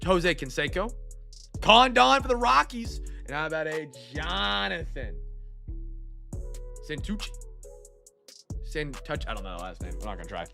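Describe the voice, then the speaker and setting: A high-pitched man with a bright, gravelly voice hosts a live card break. He is excitable and shouts over big pulls. He talks through a stuffed nose, with faint music behind him. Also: brisk.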